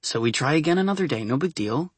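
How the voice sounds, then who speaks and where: Male narrator doing a hushed tender young guy, gentle and reassuring, dry close sound. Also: fairly high pitch, lively intonation, quick pace, breathy edge, no echo. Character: gentle nervous young man, tender lover.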